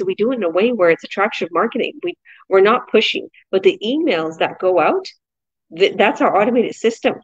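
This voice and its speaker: A woman's voice: mid-range voice, no echo, dull audio. A woman business coach talking energetically in a casual group chat, rambling with fillers and restarts. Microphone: video call.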